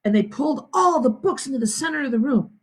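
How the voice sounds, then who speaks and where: A woman school principal reading a novel aloud to her students with expressive storytelling. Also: high voice, fast. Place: home, livestream.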